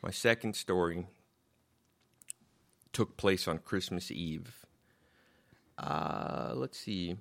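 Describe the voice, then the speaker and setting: A man's voice: low-pitched, very slow, gravelly, long pauses, a bit bright. A middle-aged man hosting a podcast, telling stories in a casual, rambling and profane way, laughing at his own jokes. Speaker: podcast host. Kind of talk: casual storytelling chat.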